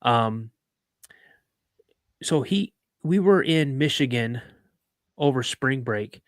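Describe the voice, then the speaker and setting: A man's voice: medium pitch, lively intonation, slow pace, dry recording, clean studio sound. Man telling a story in a stop-start ramble. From Minnesota. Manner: rambling, many restarts and stammers. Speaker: podcast host. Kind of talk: casual storytelling. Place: live podcast studio.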